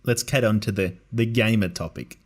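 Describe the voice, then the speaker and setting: A man's voice: on the low side, moderate pace, breathy edge. A man hosting a podcast in casual chat, chatty and laughing often. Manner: chatty, laughs often, does playful voices. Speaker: podcast host.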